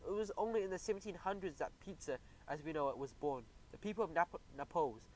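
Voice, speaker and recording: Brief: expressive male narrator for a kids' audiobook, slightly high voice, lively delivery. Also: fast talker, slight background noise, low-quality recording. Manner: animated, expressive. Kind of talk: first-person audiobook narration.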